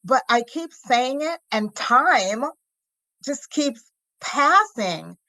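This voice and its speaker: A woman hosting a podcast interview, enthusiastic and quick to laugh. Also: sits high, sing-song, pushed and bright, dry recording, low-quality recording. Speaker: podcast host.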